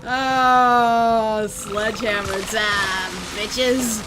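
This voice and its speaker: A woman streaming a game, chatting along, muttering to herself and breaking into sudden yells. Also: on the high side, steady tone, drawn-out words, over music. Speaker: vtuber streamer. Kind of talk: gameplay commentary.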